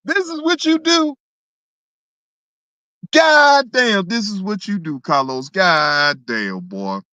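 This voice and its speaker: This is a reaction channel host teasing chat viewers in loose, casual commentary. The delivery is unhurried yet excitable, full of laughter and words repeated in bursts. The voice sounds bright and close, in a dry space with almost no room echo. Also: medium pitch.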